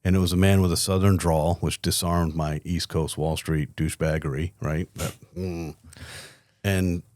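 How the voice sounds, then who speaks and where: A man's voice: low voice, moderate pace, dry recording, studio quality. A middle-aged man, a company CEO guest, telling candid, blunt stories in a podcast interview. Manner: lively, candid storyteller, blunt and profane.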